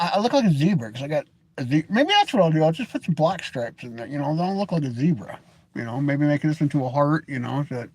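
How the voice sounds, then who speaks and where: An American man in his forties, talking to camera in a rambling, jokey and blunt monologue as a vlogger. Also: fairly high pitch. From United States. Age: 40s. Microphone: webcam or phone camera, seated.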